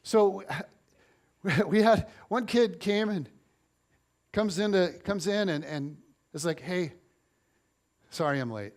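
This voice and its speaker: High-voiced man preaching a chatty sermon. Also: takes it slowly, pauses often. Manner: chatty and self-deprecating, lots of "like" and restarts; playful humor, animated storytelling. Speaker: pastor. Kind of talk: conversational sermon with personal stories.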